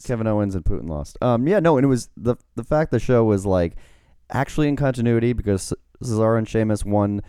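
Deep, mellow man in easygoing chat. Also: animated, fast talker, smooth, dry recording, studio quality. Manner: easygoing, plays devil's advocate, many fillers. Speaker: podcast co-host. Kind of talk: casual chat.

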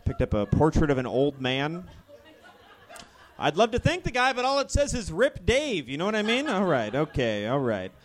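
A man doing a live stand-up set of awkward, deadpan one-liners in a ballroom venue. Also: on the high side, moderate pace. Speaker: stand-up comedian.

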